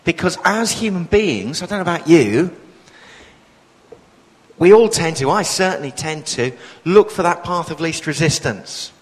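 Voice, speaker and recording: A man's voice: lively intonation, a little slow. A man preaching a sermon, passionate and emphatic, his voice swelling and dropping as he drives his points home. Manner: passionate, emphatic, with sudden swells in pitch and volume. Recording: long reverb of a large hall.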